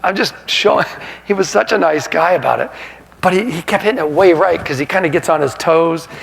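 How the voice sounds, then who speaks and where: A man in his sixties, a sportswriter giving a talk, telling funny stories to a live audience in an animated way and laughing as he goes. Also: a little high, a little fast, gravelly, slight background noise. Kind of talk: humorous storytelling to a live audience. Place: lecture hall. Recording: reverberant hall sound.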